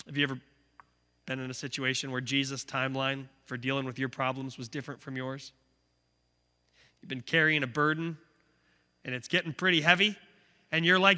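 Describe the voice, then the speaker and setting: A man's voice: mid-range voice, steady tone, brisk, sharp tone. A man in his thirties preaching a sermon as a pastor, conversational and earnest, often checking in with "right?". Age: 30s. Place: church sanctuary. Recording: echoey church hall.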